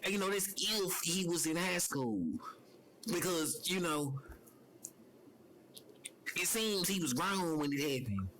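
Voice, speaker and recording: A young man with a fairly high voice speaks in a loose, unscripted monologue. He keeps looping back to the same phrases and leans on "you know" as he goes. A faint background hiss sits under his voice. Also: lively intonation, slow pace, pauses often, bright, forceful tone, poor audio. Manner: rambling and repetitive, circling back to the same phrases; earnest, heavy use of "you know". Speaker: personal vlogger.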